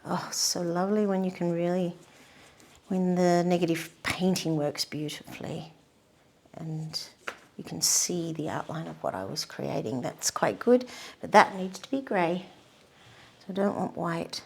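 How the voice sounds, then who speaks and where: A woman giving a painting demonstration, murmuring softly to herself and often dropping to a whisper. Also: fairly low pitch, measured pace, creaky. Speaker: art instructor.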